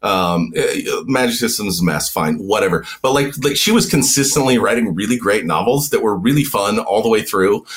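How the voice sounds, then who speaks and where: A man who is a guest author in a casual podcast chat, talking in halting bursts with many repeated words and restarts. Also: fairly low pitch, expressive.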